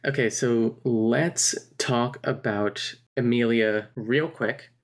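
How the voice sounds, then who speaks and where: A woman co-hosting a podcast, chatting casually about a book she has read, frank and quick to laugh. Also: a bass voice. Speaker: podcast co-host. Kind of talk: casual book-club chat.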